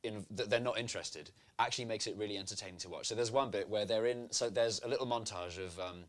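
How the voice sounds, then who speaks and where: Man, low-ish voice, lively storyteller; casual film-chat guest. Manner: animated storyteller, chatty, quick asides.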